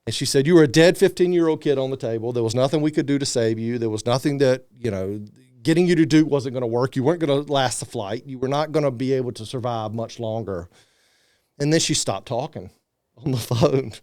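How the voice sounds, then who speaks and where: Smooth-voiced man telling his story. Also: mid-range voice, fairly quick, no echo, studio quality. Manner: animated storyteller, acts out quoted voices. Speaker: podcast guest, motivational speaker. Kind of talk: casual storytelling interview.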